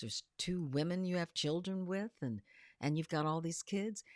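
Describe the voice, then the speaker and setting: A woman co-hosting a casual panel chat, telling animated stories and acting out what people say. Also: sits low, dry recording, clean studio sound. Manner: animated storyteller who acts out quotes. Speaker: podcast co-host.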